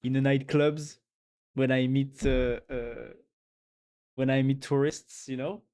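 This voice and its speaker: A man's voice: mid-range voice, flat delivery, slow, darkish tone. A man with a French accent chatting casually and joking while he codes on a live stream. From France. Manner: joking, musing aloud, full of restarts.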